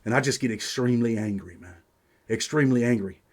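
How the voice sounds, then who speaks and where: The host, a man from New York, chats through first-person stories with a profane, street-smart manner and a habit of tossing in "man." His mid-range voice moves quickly and sounds slightly rough.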